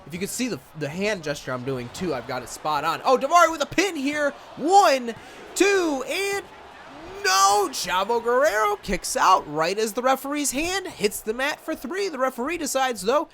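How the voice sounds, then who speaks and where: Young guy rambling over a wrestling game, kinda high voice, jumpy pitch, little bit of hiss. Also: wildly swooping pitch, moderate pace, a bit bright. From Michigan, USA. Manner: rambling, self-interrupting, slips into goofy voices. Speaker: commentator playing a wrestling game. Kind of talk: casual gameplay commentary.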